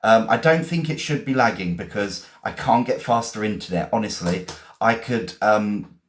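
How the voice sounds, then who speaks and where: A man's voice: on the low side, moderate pace, a little hiss or hum. A man from England, teaching vocabulary on a live stream, spelling words out and praising learners. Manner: encouraging, repeats and spells words. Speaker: English teacher.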